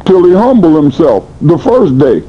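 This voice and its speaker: Animated preacher man on muffled radio. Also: moderate pace, a little hiss or hum. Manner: animated preaching with sudden swings between high and low; colloquial, blunt. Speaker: pastor. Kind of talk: sermon.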